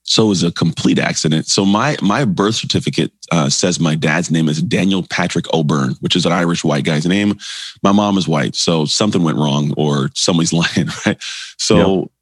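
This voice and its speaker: A man in his forties, a guest on an interview podcast, telling his life story in an animated way and acting out quoted dialogue. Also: low voice, moderate pace, breathy edge, no echo.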